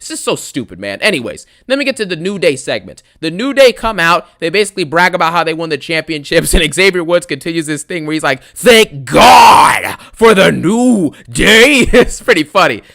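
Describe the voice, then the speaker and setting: A man in a sarcastic, fed-up wrestling rant with a bright, edgy tone. He talks a little above the usual male pitch, dismissive and quick to mock. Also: animated. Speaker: wrestling video ranter. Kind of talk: angry wrestling recap rant.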